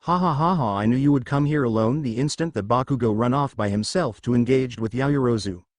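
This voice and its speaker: A man's voice: mid-range voice, brisk, a little mellow, no room sound, lightly acted. A man voicing an earnest young male student hamming it up as a gloating cartoon villain with theatrical gasps.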